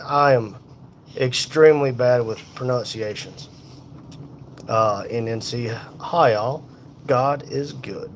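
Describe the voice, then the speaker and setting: A man in pain and tired, hosting a casual livestream from a hospital room on a phone, reading viewer comments aloud in an unhurried, folksy way. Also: mid-range voice, a little hiss or hum. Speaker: livestream host reading chat. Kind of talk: casual live chat.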